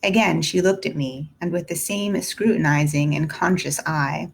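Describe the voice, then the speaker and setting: A woman reading a classic novel aloud in the first person, steady and deliberate. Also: low-pitched, creaky, a little hiss or hum. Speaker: audiobook narrator. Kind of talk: scripted narration of a classic novel.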